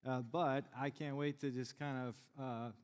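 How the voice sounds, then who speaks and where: A middle-aged pastor delivers a sermon in a deep, mid-pitched voice. He talks to the congregation casually and teases them now and then. His voice rings with the long reverb of a large church hall. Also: level tone, a little slow, smooth. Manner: conversational, joking with the congregation.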